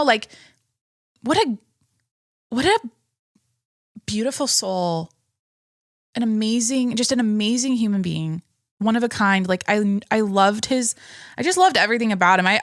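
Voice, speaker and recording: A young woman talks loosely into a close podcast mic, rambling and chatty with lots of restarts. Her voice sits at a middle pitch and the sound is dry, with no room around it. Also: no room sound. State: pregnant. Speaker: podcast host. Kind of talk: casual solo podcast chat.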